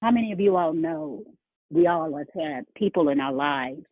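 A woman's voice: deep voice, lively intonation, moderate pace, no room sound. A woman preaching a sermon, emphatic and repeating words for effect. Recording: tinny phone-line sound.

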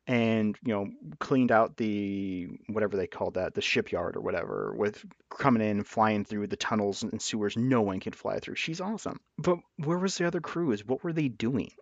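A man's voice: medium pitch, vocal fry, no room sound. A man co-hosting a casual film review chat, animatedly retelling scenes. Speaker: podcast co-host. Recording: dull, dry lo-fi audio.

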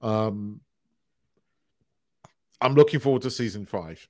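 A man co-hosting a podcast in casual chat, animated, swearing freely and restarting his sentences often. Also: on the low side, slow pace, no room sound, studio quality. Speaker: podcast co-host.

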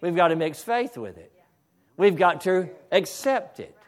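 A fervent male preacher with a high voice, preaching a sermon. He stumbles and restarts his phrases, then swells up to shouted declarations. Bursts of praise break into his flow. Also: big pitch swings, measured pace. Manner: fervent, repetitive restarts, exclaims "hallelujah"; builds to shouting.

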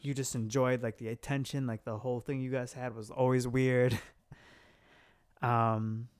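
A man in casual chat, retelling a story in an animated way and quoting the characters with laughs. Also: medium pitch, a little slow, clean tone, no echo, studio quality. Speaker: podcast co-host recapping a story.

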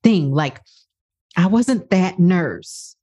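Passionate older woman podcaster, lively pitch. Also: very slow, husky. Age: 60s. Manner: passionate, blunt, swears for emphasis. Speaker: life coach and podcast host. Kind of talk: podcast monologue.

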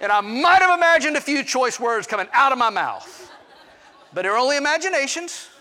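A man's voice: extremely high pitch, sing-song, fairly quick, bright, forceful tone, a faint crowd. A middle-aged male pastor preaching through a personal story, candid and self-deprecating, with asides to the listeners. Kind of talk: storytelling sermon.

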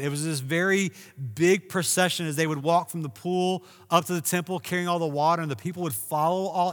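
A man preaching a sermon, telling a story with animated emphasis and raising his voice for key moments. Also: on the high side, long reverb tail. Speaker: pastor.

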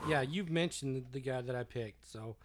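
A man's voice: medium pitch, normal speed, a little hiss or hum. A man giving brief, matter-of-fact opinions in casual chat about movie casting. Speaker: family member.

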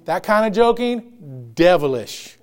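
A man's voice: high-pitched, big pitch swings, slow. A man pastor preaching a sermon in a church service, emphatic, with repeated phrases and call-and-response.

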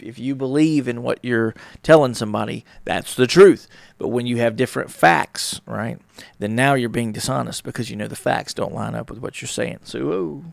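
A man's voice: mid-range voice, gravelly, dry recording. A man hosting his own podcast, talking casually and rambling, sometimes acting out small dialogues. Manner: rambling, conversational, acts out little dialogues. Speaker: podcast host. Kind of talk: casual solo talk on relationships.

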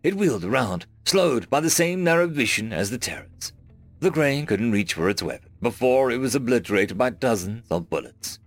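Man narrating a sci-fi story, lively pitch. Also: moderate pace, no room sound. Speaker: audiobook narrator. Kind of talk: scripted first-person sci-fi narration. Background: faint background music.

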